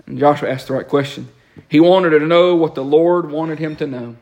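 A man, preaching a lively sermon in a church and breaking into quick asides and repeated words. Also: fairly high pitch, dull audio. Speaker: pastor. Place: church sanctuary.

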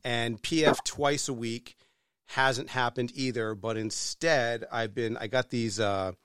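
Animated, swearing male storyteller. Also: mid-range voice, takes it slowly, clean tone, no echo, clean studio sound. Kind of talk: casual storytelling chat.

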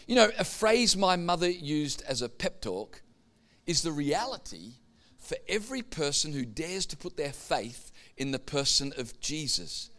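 Preaching slightly slowly, this pastor has a somewhat high, fairly bright voice with big swings in pitch. His sermon moves through stories that climb to emphatic points.

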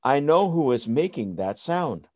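A man voicing a calm, gentle father rabbit in a storybook, speaking patiently and reassuringly. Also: on the high side, unhurried, no echo, studio quality, voice pushed up.

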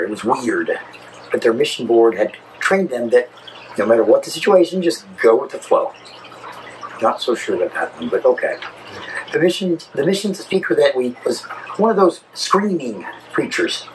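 A man's voice: mid-range voice, normal speed, a little hiss or hum, poor audio. A man preaching a sermon as pastor, telling stories with emphasis. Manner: animated storytelling preacher, emphatic.

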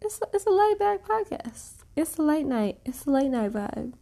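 A woman co-hosting a casual podcast, talking in a relaxed, easygoing way. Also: high voice, moderate pace, gravelly. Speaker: podcast co-host.

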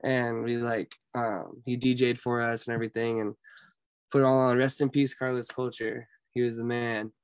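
A man's voice: medium pitch, flat delivery, normal speed, clean tone, no room sound. A young man from San Diego chatting casually as a guest, rambling with lots of "like" and "um". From San Diego, California. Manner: rambling, heavy on fillers like "like" and "um". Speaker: musician guest. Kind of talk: casual chat.

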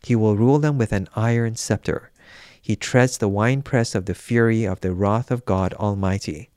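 A man reading scripture aloud in a measured, solemn, unhurried way. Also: on the low side, a little mellow, no echo, studio quality. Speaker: scripture reader.

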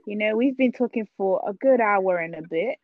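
A woman's voice: mid-range voice, expressive, moderate pace, no room sound. A woman co-hosting a casual chat podcast, talking in a laid-back way with lots of fillers. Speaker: podcast co-host. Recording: muffled lo-fi podcast audio.

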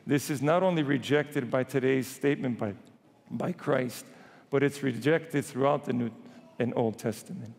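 A man preaching a sermon as a priest, retelling scripture in lively everyday voices. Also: medium pitch, moderate pace, gravelly, long reverb tail.

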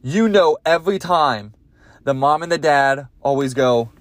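A man's voice: mid-range voice, moderate pace, no echo. A man hosting a comedy podcast, ranting crudely in a rambling monologue with lots of swearing. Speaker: podcast host.

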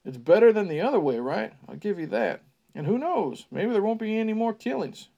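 A man's voice: sits high, big pitch swings, brisk, gravelly, warm tone, voice pushed up, heavily acted. A man putting on a folksy, spooky old gas station man. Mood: ominous folksy. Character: folksy, creepy older male gas station owner. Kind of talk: read-aloud character voice.

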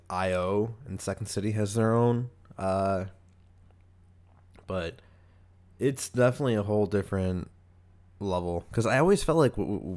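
A man's voice: fairly low pitch, a little mellow. A young man from the US hosting a podcast, chatting casually and rambling with lots of fillers and restarts. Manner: loose, rambling, many "like"s and restarts. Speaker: podcast host. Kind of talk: casual chat.

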